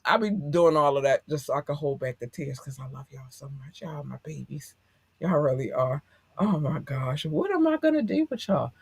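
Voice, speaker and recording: A woman's voice: deep voice, lively intonation, normal speed, creaky, breathy edge. A woman co-hosting a podcast in casual chat, effusive and affectionate, laughing often as she talks to listeners. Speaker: podcast co-host.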